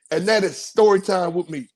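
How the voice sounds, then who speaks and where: A man hosting a podcast, telling a story in a casual, slangy way and acting out quotes. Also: high-pitched. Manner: animated, slangy, acts out quotes in a raised voice. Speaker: podcast host.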